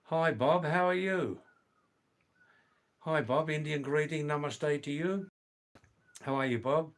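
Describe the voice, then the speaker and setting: A middle-aged man hosting a livestream, reading viewer comments aloud and slowly, gently correcting their English. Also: on the high side. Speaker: livestream host.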